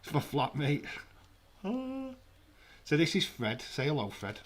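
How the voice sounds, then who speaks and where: A man giving jokey, casual commentary on a live watch-along stream from his flat. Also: a little high, a little slow. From United Kingdom. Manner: jokey, banters with chat. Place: home, in a flat.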